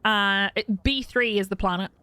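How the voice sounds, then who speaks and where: A woman's voice: mid-range voice, moderate pace, bright, forceful tone, smooth, dry recording. A woman streaming a game live, chatting casually and animatedly, often laughing and swearing.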